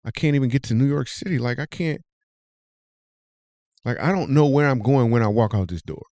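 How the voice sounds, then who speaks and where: A man hosting a podcast, telling a comic story with animated delivery. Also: brisk, no echo, clean studio sound. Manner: animated, jumps high when telling the punchline. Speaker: comedian and podcast host.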